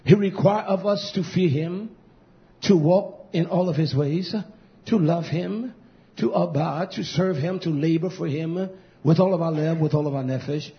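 A male pastor preaching a fiery sermon, swinging from loud shouting to hushed near-whispers and repeating key phrases. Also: a little high, moderate pace. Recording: dull lo-fi recording.

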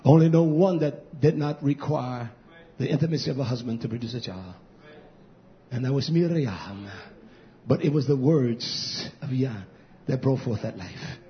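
A male pastor preaching a fiery sermon, swinging from loud shouting to hushed near-whispers and repeating key phrases. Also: medium pitch, moderate pace. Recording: dull lo-fi recording.

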